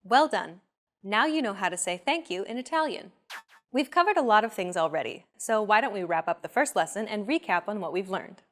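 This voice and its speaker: A woman hosting a language lesson, explaining pronunciation in a clear, measured scripted narration. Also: medium pitch, lively intonation, a bit bright. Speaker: host.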